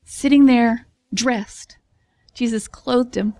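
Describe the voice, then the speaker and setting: A woman preaching a casual sermon in a chatty, expressive way, laughing often and acting out voices. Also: fairly high pitch, slow pace, no echo.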